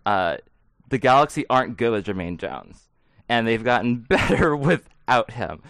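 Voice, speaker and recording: A man's voice: medium pitch, expressive, moderate pace, fairly bright tone, no echo. A man co-hosting a sports podcast, chatting casually, rambling and joking with frequent laughs. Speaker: podcast co-host.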